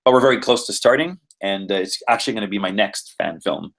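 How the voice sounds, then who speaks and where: A man's voice: fairly low pitch, fast talker, gravelly. A man from Quebec, an actor talking through his roles in a rambling podcast interview full of fillers. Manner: rambling, animated, many fillers. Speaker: voice and motion capture actor.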